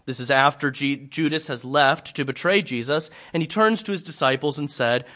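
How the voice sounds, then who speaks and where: A man preaching a sermon, telling a scripture story dramatically, swinging from loud to hushed. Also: on the high side, normal speed, hardly any pauses.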